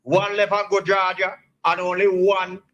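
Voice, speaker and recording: Older vincentian guy calling in from abroad, jamaican-ish lilt, high voice, piles up repeats. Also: normal speed, lo-fi sound. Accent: Vincentian with Jamaican influence. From Saint Vincent. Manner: animated, emphatic, repeats words. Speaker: caller. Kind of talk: phone-in chat.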